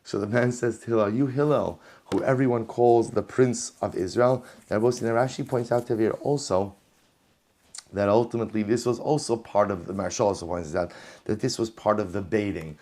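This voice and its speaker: A man teaching a Talmud class as a rabbi. He reads the Aramaic text aloud, then explains it in English, telling the story with lively energy and often repeating phrases for emphasis. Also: fairly low pitch, a little fast.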